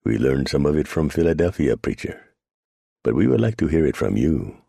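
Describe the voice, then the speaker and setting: A man's voice: rumbling low, very animated, moderate pace, vocal fry, dark tone, slightly rough, no echo, clean studio sound, voice pushed up, heavily acted. A man voicing an earnest male fur trapper speaking up for his crew in plain frontier talk.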